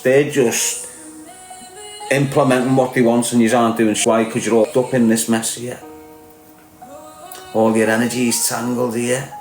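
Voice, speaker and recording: A man with a Liverpool accent hosting a casual livestream, rambling and emphatic, talking straight to his listeners. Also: mid-range voice. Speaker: podcast host. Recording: echoey room with music playing behind.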